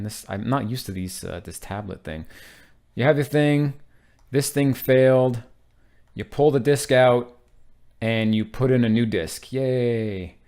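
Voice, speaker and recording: A man explains a technical topic in a relaxed, off-the-cuff way. He rambles, cracks jokes and adds little sound effects as he sketches his points. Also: mid-range voice, smooth. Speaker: IT tech explainer. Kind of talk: casual whiteboard tutorial.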